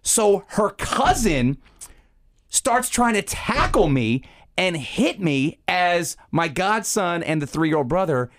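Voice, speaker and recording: A man's voice: high voice, slow pace. A young man co-hosting a casual podcast, spinning a funny story from his own life. His voice rises and falls a lot as he goes. He slips into other people's voices as he tells it. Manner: animated storyteller, acts out voices. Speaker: podcast co-host.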